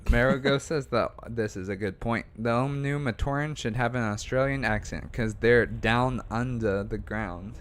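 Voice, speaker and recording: A man co-hosting a casual livestream, relaxed, reading out viewer messages with dry humor. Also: medium pitch, normal speed, hardly any pauses. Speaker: co-host reading chat.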